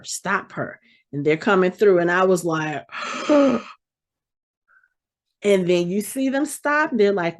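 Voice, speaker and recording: A woman hosting a podcast, animatedly retelling a TV episode and acting out the characters' lines. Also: medium pitch. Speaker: podcast host. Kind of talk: casual episode recap.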